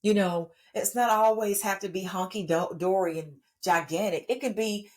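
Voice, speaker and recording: A woman's voice: mid-range voice, moderate pace, hardly any pauses. A middle-aged woman from Texas with a Texan accent, founder of a ministry, giving an earnest, conversational inspirational faith talk and often checking in with her listeners.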